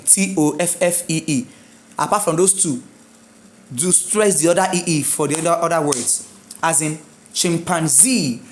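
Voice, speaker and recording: Teacher doing exam prep, quizzes you and repeats words slow. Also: mid-range voice. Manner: drills words slowly, repeating and quizzing listeners. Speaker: English teacher.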